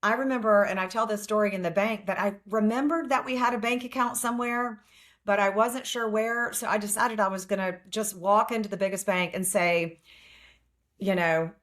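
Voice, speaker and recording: A woman's voice: mid-range voice, steady tone, fairly quick, fairly bright tone. A middle-aged woman, a family law attorney and author, speaking frankly as a guest in a casual interview and telling stories plainly.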